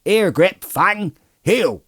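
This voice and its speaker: A man voicing a gruff, hearty middle-aged hobbit farmer with a loud, folksy, blustery way of talking. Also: mid-range voice, sing-song, measured pace, voice pushed up.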